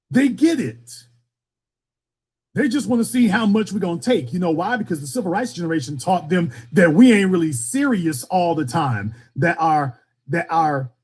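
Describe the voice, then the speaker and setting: A man runs a political call-in show with a raised, husky voice. His delivery is fiery and emphatic, and the pitch leaps all over the place. He keeps stacking repeated phrases to press each point.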